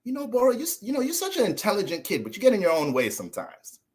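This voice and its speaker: A woman's voice: medium pitch, wildly swooping pitch, rapid-fire, a little mellow, voice pushed up. A man voicing a condescending female schoolteacher who lectures a pupil. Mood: patronizing. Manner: patronizing, lecturing.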